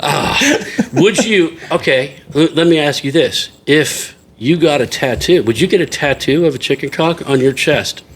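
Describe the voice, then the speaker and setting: A man hosting a laid-back chat over drinks, his voice husky and a little rough. He jokes, swears freely and laughs often. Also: a little high, normal speed. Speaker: podcast host.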